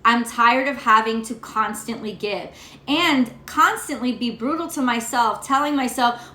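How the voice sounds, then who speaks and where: A woman's voice: on the high side, measured pace, bright, forceful tone, slight background noise. An American woman reading tarot cards in a casual vlog, rambling and cursing freely as she rants. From United States. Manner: profane ranting, rambling. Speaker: tarot reader. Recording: echoey room.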